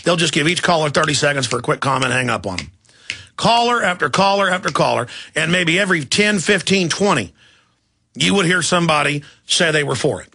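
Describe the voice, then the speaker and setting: A man's voice: on the high side, animated, gravelly, pushed and bright. A man hosting a talk radio show, delivering an emphatic, indignant monologue. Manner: emphatic, rapid-fire, indignant.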